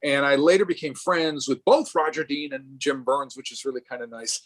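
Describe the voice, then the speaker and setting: Speaking at normal speed in a mid-range voice, a middle-aged Rhode Island man appears by video call as guest artist at a live event, wandering through his thoughts with frequent fillers and restarts.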